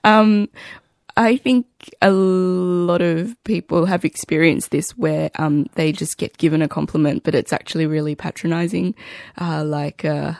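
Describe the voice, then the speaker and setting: A woman's voice: low voice, steady tone, a little slow, creaky, a little mellow, dry recording, studio quality. A woman comedian and writer, a radio interview guest, telling stories in a playful, wry, rambling way. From Australia.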